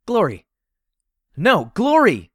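A man's voice: sits high, wildly swooping pitch, slow pace, husky, no echo, pitched above the performer's own voice, exaggerated voice. A man reading an audiobook voices a young female pony mercenary leader, anguished and strained, with a dry close sound. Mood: screaming.

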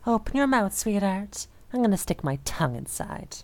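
A young woman voicing an obsessive, possessive dominant woman in an audio role-play, speaking in a soft, slow, teasing murmur. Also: medium pitch, very animated, dry recording, close to an everyday voice. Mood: possessive, crooning.

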